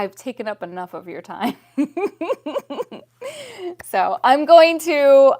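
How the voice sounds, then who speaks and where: A young woman vlogger chatting casually to her viewers, laughing often and swinging between loud exclamations and hushed whispers. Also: medium pitch, creaky. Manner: laughs often while talking.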